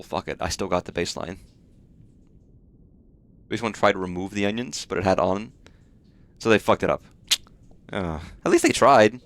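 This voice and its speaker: Low-voiced man rambling over gameplay. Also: a bit bright, no echo. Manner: rambling, swears often, frequent fillers. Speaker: streamer. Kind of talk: casual live gameplay chat.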